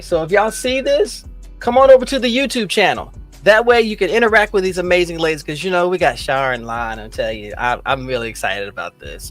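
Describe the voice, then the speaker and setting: A man hosts a livestream in an exuberant, hyped way, dropping into hushed asides between bursts of shouting. His voice sits high and leaps all over. Faint music plays behind him. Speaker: host. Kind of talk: energetic livestream chat.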